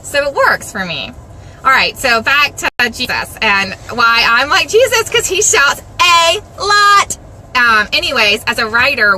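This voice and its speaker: A middle-aged woman, talking casually and devotionally to the camera in a chatty, self-deprecating way with lively asides. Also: fairly high pitch, slight background noise, low-quality recording. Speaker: Christian vlogger.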